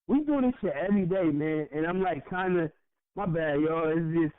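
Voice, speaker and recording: A man's voice: high-pitched, sing-song, normal speed, no echo. Heated profane man on a tinny line. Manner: heated, profane, repeats words when worked up. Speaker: podcast co-host. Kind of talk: impassioned casual podcast rant. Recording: tinny phone-like audio.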